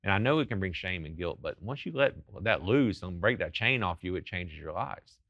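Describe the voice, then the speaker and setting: A man's voice: sits low, animated, fairly bright tone, no room sound, highs cut off. A man telling faith stories as a guest in a TV interview, fervent and earnest. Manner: fervent storytelling, quick and earnest. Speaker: ministry founder and guest. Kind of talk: testimony in a TV interview.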